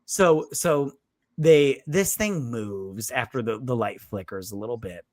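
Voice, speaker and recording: On a casual movie-review podcast, a male co-host gives a drunk recap of a film, rambling, swearing, and acting out scenes in character voices. His voice is medium-pitched, expressive, a little slow and slightly mellow, with no echo.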